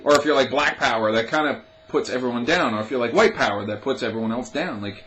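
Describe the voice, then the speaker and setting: A man's voice: mid-range voice, fast, fairly bright tone, lo-fi sound. A young man ranting on his own video blog in a casual, profane, sarcastic way, mocking things with jokey asides. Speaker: vlogger.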